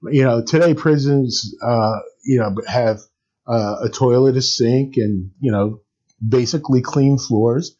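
A man's voice: mid-range voice, unhurried, dark tone, husky, muffled recording. A man preaching a sermon as a pastor in a conversational way, with frequent fillers and restarts.

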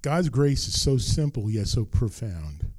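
A man's voice: medium pitch, big pitch swings, measured pace, a little mellow, no echo. An older man preaching a sermon as pastor, earnest and emphatic, repeating his key phrases.

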